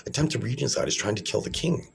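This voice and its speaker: A man's voice: on the low side, animated, fast, gravelly. A man talking straight to camera in a rambling monologue, boastful, profane and combative, often restarting his phrases. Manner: repeats himself, restarts phrases. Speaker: video creator.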